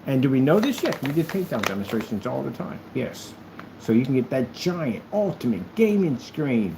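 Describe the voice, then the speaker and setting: A man's voice: fairly high pitch, expressive, moderate pace, noisy background. A man presenting a product in a casual demo video, talking in a playful, exaggerated sales manner.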